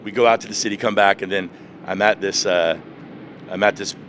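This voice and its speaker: A man in his fifties, a veteran guest on a podcast, candidly retelling personal stories in an animated way. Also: fairly low pitch, fairly quick, slight background noise. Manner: animated, vivid retelling of past events.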